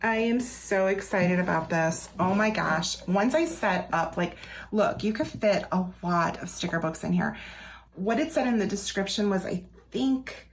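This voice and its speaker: A woman's voice: mid-range voice, unhurried, slight background noise. A woman casually chatting through an unboxing for her channel, gushing with enthusiasm and peppering her talk with fillers. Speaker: planner unboxing vlogger. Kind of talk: casual product unboxing chat. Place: her office or desk area, indoors.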